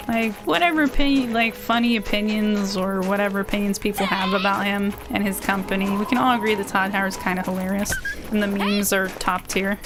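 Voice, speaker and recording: Excitable rambling woman streamer. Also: mid-range voice. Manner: rambling, excitable, quick to yell at the game. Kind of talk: live gameplay stream chat. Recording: game music under the voice. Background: game music.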